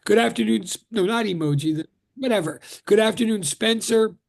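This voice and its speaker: A man's voice: sits high, brisk, creaky. A man teaching physics on a video call, greeting students one by one in a chatty, joking way that keeps interrupting itself. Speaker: physics professor. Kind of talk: casual online lecture greeting.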